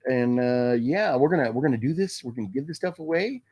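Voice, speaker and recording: Animated man hosting a live stream. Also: mid-range voice, fairly quick, husky. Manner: animated, laughs often, reads viewer names aloud. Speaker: livestream host. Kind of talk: casual live-stream chat. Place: home room with his movie collection.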